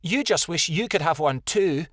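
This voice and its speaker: A man's voice: big pitch swings, measured pace, no echo, studio quality. A man doing a chirpy young she-wolf. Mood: pleading. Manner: eager, high and chirpy. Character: excitable young female wolf pup.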